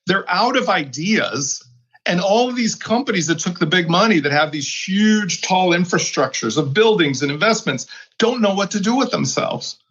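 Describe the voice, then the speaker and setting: A man argues his point bluntly and emphatically in a round-table chat, his voice sitting a bit high. The sound is dull and lo-fi. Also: expressive, moderate pace, a bit bright, husky. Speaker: regular panelist.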